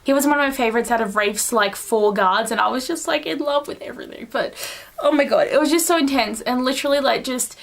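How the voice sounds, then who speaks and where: A woman's voice: sits high, fast, gravelly. A young woman reviewing a book in a casual vlog, gushing and rambling, with a lot of "like" and acted-out quotes. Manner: gushing, rambling, heavy use of "like", acts out quotes.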